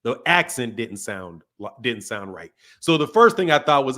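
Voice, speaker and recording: A man's voice: medium pitch, big pitch swings, normal speed, hardly any pauses, pushed and bright. A man hosting a casual podcast, ranting emphatically and swearing a lot. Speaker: boxing channel host. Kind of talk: casual profane podcast rant.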